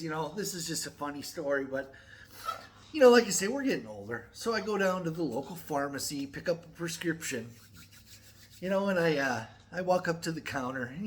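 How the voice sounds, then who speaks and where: Profane, animated middle-aged guy ranting. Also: on the high side, slight background noise. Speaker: metal music YouTuber. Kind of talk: casual to-camera vlog rant.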